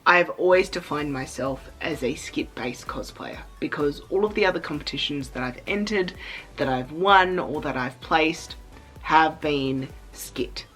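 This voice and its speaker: A young woman vlogging in a chatty, excitable way, fighting back tears as she talks. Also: sits low, low-quality recording. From Australia. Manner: chatty, excitable, emotional, trying not to cry. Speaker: cosplay vlogger. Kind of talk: casual vlog talk.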